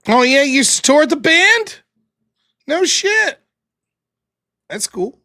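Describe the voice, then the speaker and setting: A man's voice: very high-pitched, sing-song, drawn-out words, pushed and bright, no echo, studio quality. A man hosting his own live stream, chatting casually in a loose, rambling way and swearing freely. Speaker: live streamer and show host. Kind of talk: casual late-night live stream chat.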